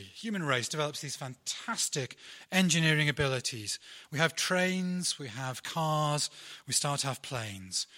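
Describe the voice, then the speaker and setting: A middle-aged Englishman delivering a sermon with a very bright, forceful tone. He keeps it conversational and self-deprecating and talks straight to his congregation. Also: mid-range voice. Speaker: preacher.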